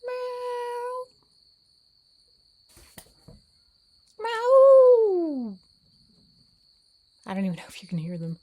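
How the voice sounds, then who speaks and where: A woman's voice: lowish voice, flat delivery, racing, mellow, slightly rough. A woman vlogging outdoors in casual chat, playful and meowing back at cats. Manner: playful, chats with cats and meows at them. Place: outdoors on her property.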